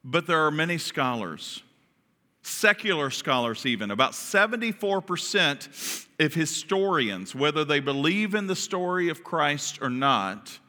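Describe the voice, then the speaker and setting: Preacher guy telling it big, bright tense voice, hall echo behind him. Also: fairly high pitch, big pitch swings, measured pace. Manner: dramatic, swings from hushed to loud; acts out voices in retelling. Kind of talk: sermon. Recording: long hall reverb.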